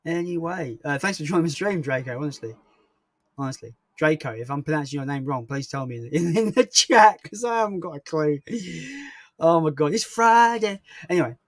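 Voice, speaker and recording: A young man hosts a casual livestream, rambling through viewer comments with self-deprecating humor. His voice is on the high side, recorded in clean studio sound with no echo.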